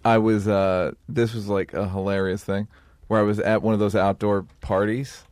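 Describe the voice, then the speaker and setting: A man's voice: lowish voice, level tone, normal speed, darkish tone, no echo, studio quality. A man co-hosting a podcast who chats casually, often restarting his sentences. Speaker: podcast co-host. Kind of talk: casual chat.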